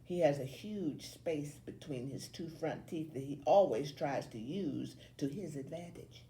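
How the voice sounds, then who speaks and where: Low, animated woman reading a story. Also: measured pace. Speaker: story reader. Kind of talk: reading a children's novel aloud.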